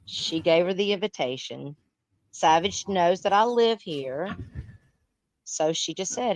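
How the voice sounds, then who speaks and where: A woman's voice: lowish voice, lively intonation, slow pace, long pauses, dry recording, poor audio. Middle-aged woman, stream host, blunt and cussing, dry close sound. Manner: blunt, profane, emphatic. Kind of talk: casual chat.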